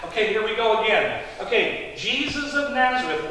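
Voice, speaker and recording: Pastor as the young man born blind: an animated, high-voiced storyteller; distant, boomy hall sound. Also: moderate pace, a little hiss or hum. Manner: animated, laughing storyteller addressing the congregation. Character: young man healed of blindness, amazed and amused. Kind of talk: first-person dramatic monologue.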